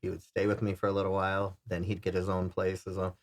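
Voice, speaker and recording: Man host from Detroit, lowish voice, loose stumbling chat. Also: completely flat delivery, fast. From Detroit, USA. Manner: stumbling, restarts a lot, easygoing. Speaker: podcast host. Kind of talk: casual chat.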